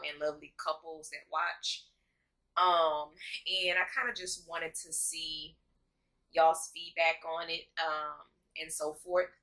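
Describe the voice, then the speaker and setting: A woman in her thirties with a low, unhurried voice that still sounds bright, talking heartfelt from her couch at home. She speaks in a halting way, with many fillers, in a casual confessional vlog. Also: low-quality recording. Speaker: vlogger.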